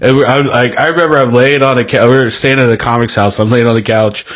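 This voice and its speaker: A man's voice: mid-range voice, fairly even intonation, quick pace. A man co-hosting a comedy podcast, teasing and laughing easily in casual chat.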